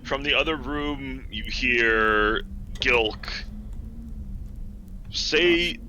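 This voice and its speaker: Slow-talking man, bright tone. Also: medium pitch, slight background noise, low-quality recording. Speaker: player. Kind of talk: casual tabletop game chat.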